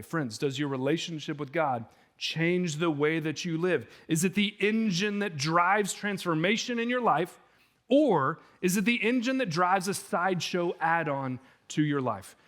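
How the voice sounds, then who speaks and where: A male pastor preaching a sermon, telling the story with animated delivery and acting out the quoted speech. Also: a little high.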